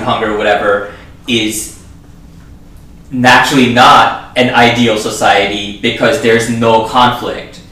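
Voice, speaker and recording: A man's voice: medium pitch, fairly bright tone. Man, casual film chat, rambling, fillers, distant mic, very echoey. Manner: rambling, many fillers and restarts. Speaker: film podcast co-host. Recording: echoey room, voice far from mic.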